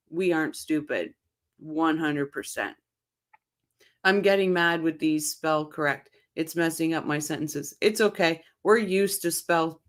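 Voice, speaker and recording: A woman from Ontario hosting a casual livestream, chatting with viewers by name and laughing often. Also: lowish voice. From Canada, Ontario. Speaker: livestream host reading viewer chat.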